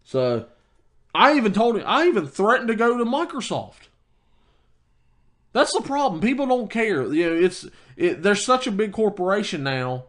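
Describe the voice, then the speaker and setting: A man's voice: high voice, very animated, moderate pace, fairly bright tone. A man co-hosting a podcast, telling a heated story in casual chat with many restarts. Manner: storytelling, quoting himself heatedly, lots of restarts. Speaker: podcast co-host.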